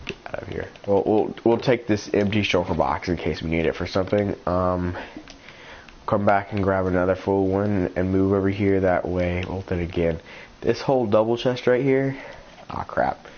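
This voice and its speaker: A man talking through his gameplay as a channel host, rambling and thinking aloud with many ums and restarts, sounding congested and a little rough. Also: deep voice, moderate pace. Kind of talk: casual gameplay commentary. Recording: slightly dull lo-fi sound with faint noise.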